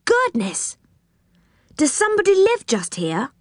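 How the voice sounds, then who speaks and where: A woman voicing a curious, excitable young boy in a children's storybook, full of eager exclamations. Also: extremely high pitch, normal speed, no echo, clean studio sound, pitched above the performer's own voice. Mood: excited. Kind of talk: storybook reading.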